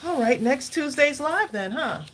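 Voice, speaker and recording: A woman's voice: high voice, expressive, measured pace, a bit bright, a little hiss or hum. Picture a woman running a crafting livestream, chatting as she works. She keeps turning to her viewers for their opinions in a loose, easygoing flow. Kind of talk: casual livestream chat while crafting.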